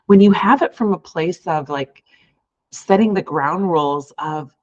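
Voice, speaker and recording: A woman's voice: fairly low pitch, measured pace, a little mellow, lo-fi sound. A woman hosting a podcast as a life coach, talking earnestly and from the heart in long, flowing sentences. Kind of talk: reflective podcast monologue.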